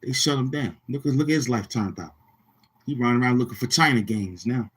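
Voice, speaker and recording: A man's voice: medium pitch, animated, brisk, fairly bright tone, slightly rough. A man giving rambling, taunting street-talk commentary on his channel, repeating himself in heavy slang. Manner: repetitive, taunting, slangy delivery. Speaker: commentary vlogger.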